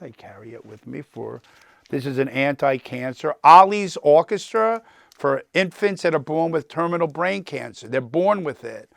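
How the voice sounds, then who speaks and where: A man's voice: medium pitch, vocal fry, no room sound. A talkative man in his sixties with a New York accent, telling stories and quizzing a class as a guest lecturer. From New York, the Bronx. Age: 60s. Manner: talkative, animated, quizzes the audience. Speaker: guest lecturer, entertainment attorney.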